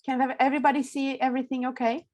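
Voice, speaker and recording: A woman's voice: high voice, little pitch movement, very fast, a little mellow. A woman from Brazil, a soprano speaking chattily on an online panel over a video call.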